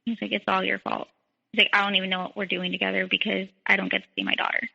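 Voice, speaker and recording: Young woman guest, mid-pitched, fry in the voice, lots of "like", muffled recording. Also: monotone, fast, bright, forceful tone, long reverb tail. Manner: frequent "like", quotes others in dialogue. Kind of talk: telling her story in a podcast interview. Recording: dull lo-fi sound.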